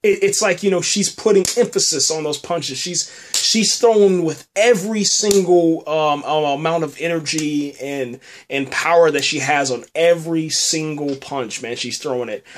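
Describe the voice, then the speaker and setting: A man's voice: on the high side, moderate pace, few pauses, slight background noise. A man hosting a podcast, recapping a TV episode in a loose, rambling way, full of fillers and repeated words. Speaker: podcast host reviewing a TV episode. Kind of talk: casual spoken review.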